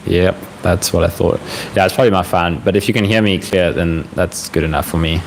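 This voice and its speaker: Deep-pitched and gravelly, a young male livestream host fields viewer questions in a casual home Q&A, speaking gently and reflectively in slow phrases full of fillers. The rough recording picks up the faint noise of a fan running in the room.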